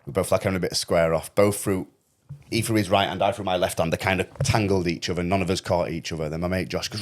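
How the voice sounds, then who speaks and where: A young man who talks fast in a low voice. He tells his story in casual podcast chat, full of swearing and quoted voices. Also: steady tone. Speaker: podcast host.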